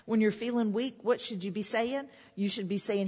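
A woman's voice: mid-range voice, steady tone, moderate pace, hardly any pauses, dark tone. A woman preaching a sermon, repeating declarations with rising emphasis. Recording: long hall reverb.

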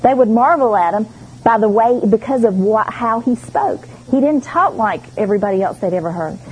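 A woman preaches a sermon in a fairly high voice. She is emphatic and tells stories as she preaches. A faint hiss sits under the recording. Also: expressive, moderate pace, darkish tone, poor audio. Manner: emphatic, storytelling with quoted voices. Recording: faint background noise.

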